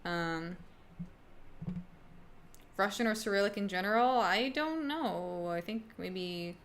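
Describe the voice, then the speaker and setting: Slow but animated, this young streamer speaks in a medium-pitched voice as she responds to viewers in casual chat. Her talk meanders, peppered with fillers and offhand curse words.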